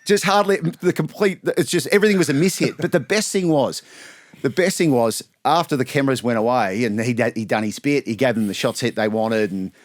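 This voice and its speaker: An Australian man in his thirties spins animated stories, slipping into other people's voices as he goes. His voice sits at a middling pitch, recorded close and dry. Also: fairly quick, no echo. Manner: animated anecdotes with laughter and acted-out quotes. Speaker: podcast guest, sports broadcaster. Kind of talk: casual storytelling chat.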